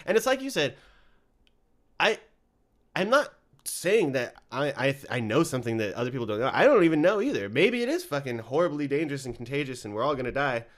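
A man's voice: mid-range voice, very animated, a little fast. A man in his thirties chatting casually, rambling and swearing often. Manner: loose, rambling, heavy swearing. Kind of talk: casual chat.

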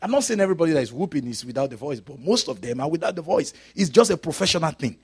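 A male preacher delivering a sermon in a church service, swinging from loud, rising exclamations down to hushed, whispered lines. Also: fairly high pitch, sing-song, racing, slightly rough. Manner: dramatic swings from shouting to quiet whispers.

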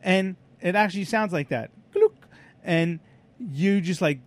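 Male podcast co-host, slightly high voice, rambling and chatty. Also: normal speed, no room sound. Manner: rambling, self-interrupting storyteller with many restarts and fillers. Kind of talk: casual chat.

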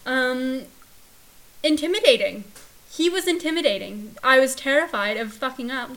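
A woman's voice: sits high, lively intonation, moderate pace, a bit bright, low-quality recording. A young woman co-hosting a podcast, talking in an emphatic, rambling way and swearing casually. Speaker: podcast co-host. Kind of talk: casual chat.

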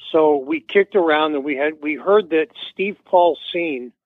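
Heard over a tinny, dry phone line with no echo, this man has a voice on the high side and an unhurried delivery. A musician guest, he tells a rambling, casual interview anecdote, acting out the quoted dialogue.

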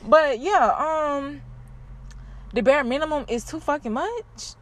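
A woman's voice: high voice, takes it slowly, pauses often. A young woman, ranting bluntly and profanely to her viewers in a casual vlog. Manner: blunt, profane, animated storytelling. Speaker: vlogger. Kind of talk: casual unscripted rant to viewers.

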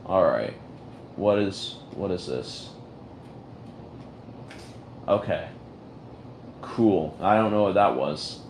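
A man's voice: low voice, animated, slow pace, long pauses, darkish tone, slight background noise. A man hosting a casual audio chat, rambling in an ironic, self-mocking way. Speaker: host of an audio chat room.

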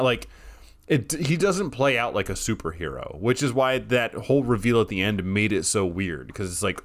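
A man's voice: fairly low pitch, lively intonation, normal speed. A man co-hosting a podcast, talking through a film in long run-on sentences that he strings together with "like.". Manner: talks in long runs strung together with "like". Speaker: podcast co-host. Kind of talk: casual film discussion.

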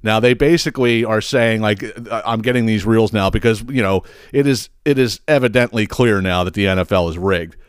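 A man's voice: fairly low pitch, brisk, hardly any pauses, clean tone, no room sound, clean studio sound. A man hosting a podcast, ranting profanely in a casual style and often stumbling over repeated words. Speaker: podcast host.

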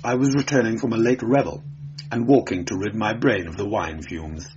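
A man's voice: on the low side, normal speed, darkish tone, highs cut off, a little hiss or hum, close to an everyday voice. A man voicing a foppish young nobleman who lisps affectedly. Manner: lisping, affected.

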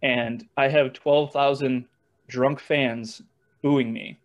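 A young man, a former baseball catcher, telling stories in a relaxed, rambling way with lots of fillers and restarts. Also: medium pitch, slow pace, lo-fi sound. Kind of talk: casual storytelling interview.

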